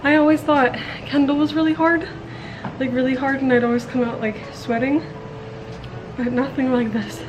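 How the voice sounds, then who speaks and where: A woman's voice: high voice, fairly even intonation, moderate pace, noisy background. Chatty young woman vlogger. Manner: chatty, storytelling with frequent fillers. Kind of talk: casual chat.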